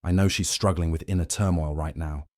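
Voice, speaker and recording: A man narrating a first-person audiobook in a plain, steady storytelling manner. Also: low voice, brisk, no room sound, clean studio sound.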